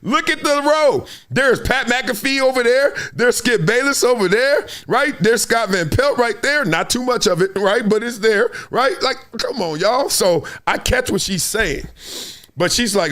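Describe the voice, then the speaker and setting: A middle-aged former football player hosts his own sports talk show, arguing his points emphatically and conversationally. His voice sits high for a man and jumps around with lively swings in pitch. He keeps checking in with the listener and stacks repeated "no"s for effect. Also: a little slow. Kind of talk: animated solo commentary.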